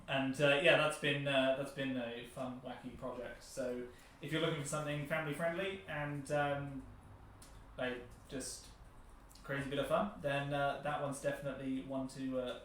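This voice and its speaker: A man's voice: medium pitch, level tone, normal speed, fairly bright tone, a little hiss or hum. A man with an English accent hosting a casual livestream chat about board games, hesitant and full of fillers. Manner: hesitant, lots of fillers and restarts. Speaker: board game company host. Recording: echoey room, distant mic.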